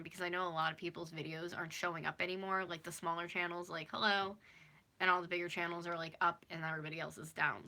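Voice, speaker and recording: Her voice is on the low side with a sharp tone as this early-twenties North American woman talks candidly on a live stream. She's chatty and rambling, filling her confessional chat with constant fillers.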